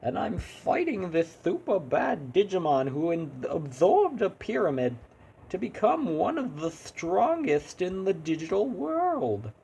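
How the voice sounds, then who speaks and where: A man voicing a male hero who sounds overly cheery while dwelling on grim things, with a drawn-out, sing-song delivery. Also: high voice, wildly swooping pitch, gravelly, warm tone, slightly rough, voice pushed up, exaggerated voice. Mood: mock cheery.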